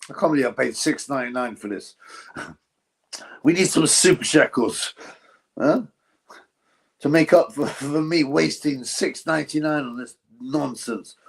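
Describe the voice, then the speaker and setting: A man hosting a live stream, giving blunt, ranting commentary on a boxing event and reading out viewer donations. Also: medium pitch. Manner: blunt, ranting, chuckling asides; reads viewer donations aloud. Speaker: livestream host.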